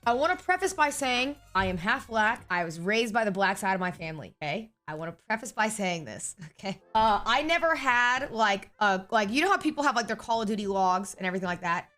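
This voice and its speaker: A woman's voice: a little high, a bit bright. A young woman streamer telling a story to her viewers in a blunt, profane way. She keeps adding a checking "okay?".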